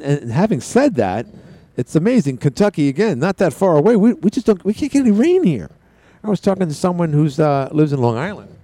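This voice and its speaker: A man's voice: mid-range voice, mellow. A man hosting a call-in talk radio show, rambling casually with frequent restarts. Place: radio studio.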